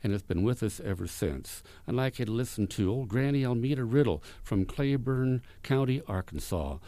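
A man hosts a radio show, spinning folklore in a folksy, rambling way full of restarts. His voice is mellow and warm-toned, recorded dry and close in a studio. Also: medium pitch, lively intonation, normal speed, no echo. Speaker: folk music radio host.

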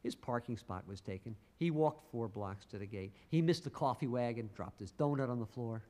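A man's voice: mid-range voice, moderate pace, darkish tone, big-room sound. A man telling a rhyming story in a rhythmic, punchy spoken-word recitation.

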